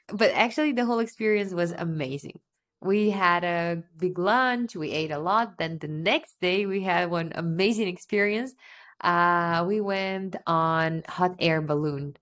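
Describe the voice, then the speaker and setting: A woman's voice: mid-range voice, moderate pace. A woman in her twenties from North Macedonia, a teacher chatting with enthusiasm in an interview, gushing and laughing often. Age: 20s. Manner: bubbly, gushing, laughs often, says "oh my God". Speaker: guest, English teacher. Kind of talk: casual interview chat.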